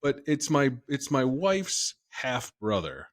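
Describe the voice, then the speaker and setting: Speaking slowly in a sing-song, medium-pitched voice, a man in his thirties co-hosts a podcast. His casual talk is rambling and jokey, with thoughts that trail away and restart.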